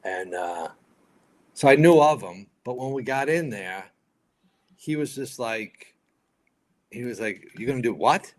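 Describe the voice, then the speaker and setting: A man in his fifties from New York, a retired firefighter and podcast guest, telling stories in a lively way and acting out other people's lines. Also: mid-range voice, slow, long pauses. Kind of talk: casual storytelling interview.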